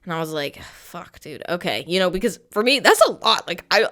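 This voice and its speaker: A woman co-hosting a podcast, telling a story in casual chat and acting out the people in it with lively energy. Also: lowish voice, brisk. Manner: animated storyteller acting out quotes. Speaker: podcast co-host.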